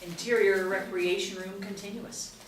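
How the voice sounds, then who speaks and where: A woman reading a screenplay's stage directions aloud in a crisp, matter-of-fact way. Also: mid-range voice, steady tone, normal speed. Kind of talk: screenplay table read narration. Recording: roomy, distant mic, faint hiss.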